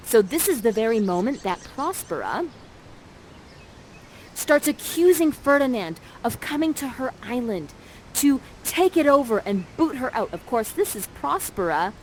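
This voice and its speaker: A woman's voice: a little high, a little hiss or hum. A woman narrating an interactive live stage show in a bubbly, playful manner while directing the audience.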